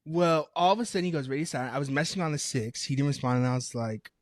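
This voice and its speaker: A young man co-hosting a podcast, telling a rambling, animated story full of quoted dialogue in casual chat. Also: mid-range voice, very fast, dry recording, studio quality. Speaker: podcast co-host.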